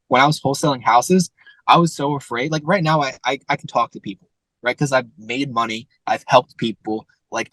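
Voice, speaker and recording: A young man in casual conversation, telling stories in a quick, rambling way and acting out the quotes. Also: medium pitch, no echo, poor audio. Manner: fast, rambling storyteller who acts out quotes. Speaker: guest entrepreneur.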